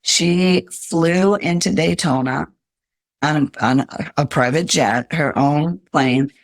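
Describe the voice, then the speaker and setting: A woman's voice: deep voice, takes it slowly, no room sound. Older woman, podcast guest, earnest emotional storytelling, dry close sound. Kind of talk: telling her life story in an interview.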